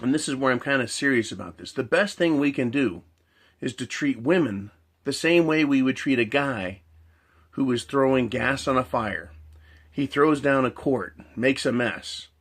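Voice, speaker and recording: A man's voice: medium pitch, lively intonation, normal speed. Blunt, profane man ranting. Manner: profane, blunt, keeps asking "right?"; long rhetorical analogies, repeats himself. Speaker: commentator. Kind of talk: ranting monologue.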